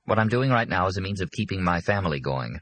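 A man reading an audiobook, voicing a guarded young repairman who speaks calmly and plainly. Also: deep voice, fast. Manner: calm, plain and level. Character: calm, guarded male repairman, young adult. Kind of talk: audiobook character voice.

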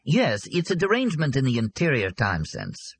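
A man voicing a self-satisfied middle-aged psychiatrist who speaks in a measured, lecturing way in an audiobook. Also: medium pitch, wildly swooping pitch, slightly rough, voice pushed up, full character voice.

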